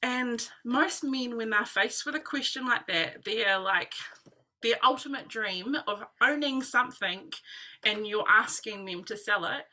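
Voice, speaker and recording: A woman telling her personal testimony to a group, in animated casual storytelling full of "like" and "literally". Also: on the high side, measured pace. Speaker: team member sharing testimony.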